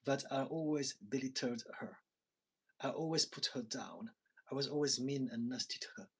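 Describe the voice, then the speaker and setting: A man's voice: mid-range voice, fairly bright tone, breathy edge, poor audio. A man in his forties, a therapist and coach, talking earnestly and confessionally in a live chat with viewers. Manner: earnest, confessional, self-reflective.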